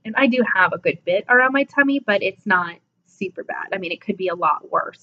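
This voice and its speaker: A woman's voice: medium pitch, a bit bright. Woman in her 20s, casual vlog chat, drowsy and joking, muffled lo-fi sound. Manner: chatty, self-deprecating, laughs often. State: sleepy, yawning. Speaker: vlogger. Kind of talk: casual self-assessment vlog.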